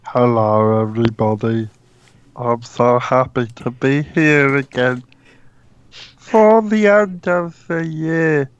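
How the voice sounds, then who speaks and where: A man doing a grand theatrical drawl, every word stretched out slowly. The tone is smooth and resonant, and the sound is dry and a little dull, like a home stream mic. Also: medium pitch, dry recording, voice pushed up. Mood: mock-grand. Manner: very slow, drawn-out, mock-grand delivery. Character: slow, plummy, theatrical man doing a celebrity-style drawl.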